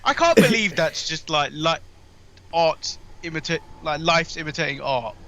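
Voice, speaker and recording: A man with a London accent co-hosting a casual chat show, chatty and quick to giggle. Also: on the high side, animated, fairly bright tone, a little hiss or hum. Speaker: co-host.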